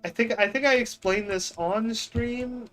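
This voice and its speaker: A man telling a long story on stream in a casual, rambling way, full of fillers and restarts, with deadpan mock boasting about himself. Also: very high voice, unhurried, faint music behind, low-quality recording. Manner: rambling, self-mocking, with lots of fillers and restarts.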